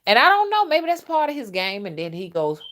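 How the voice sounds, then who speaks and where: A woman's voice: a little high, wildly swooping pitch, brisk, fairly bright tone. A woman, a spiritual reader talking in a blunt, graphic casual monologue and laughing along.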